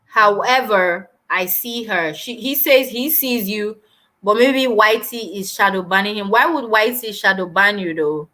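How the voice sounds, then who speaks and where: A woman's voice: medium pitch, unhurried, bright, forceful tone. A young woman hosting a live stream, chatting casually and animatedly while answering viewer comments.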